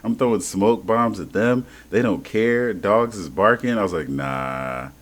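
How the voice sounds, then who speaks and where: A man co-hosting a podcast in casual chat, animated and slangy, laughing often and swearing freely. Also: fairly low pitch, moderate pace. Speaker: podcast co-host.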